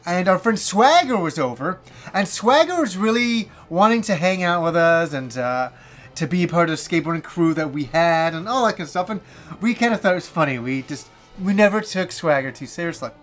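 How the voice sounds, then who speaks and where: Vlogger, man, 40s, higher voice, animated storyteller who swears and laughs as he goes. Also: a little fast, soft background music. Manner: animated, swears freely, laughs while telling. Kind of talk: casual storytelling to camera.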